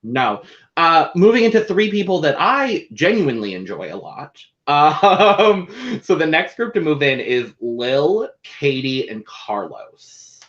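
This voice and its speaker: A man co-hosting a casual recap show, chatty and animated, with playful asides. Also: fairly high pitch, unhurried. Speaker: podcast co-host. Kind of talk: casual chat. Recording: dull lo-fi audio.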